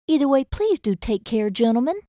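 A woman's voice: sits high, very animated, fairly quick, mellow, no room sound, clean studio sound, pitched above the performer's own voice. A woman voicing a prim young schoolteacher who speaks in formal, genteel phrases. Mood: indignant.

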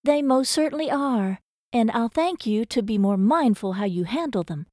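A woman's voice: fairly high pitch, expressive, normal speed, warm tone, dry recording, clean studio sound, voice pushed up, close to an everyday voice. A woman voicing a prim young schoolteacher who speaks in formal, genteel phrases. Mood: indignant.

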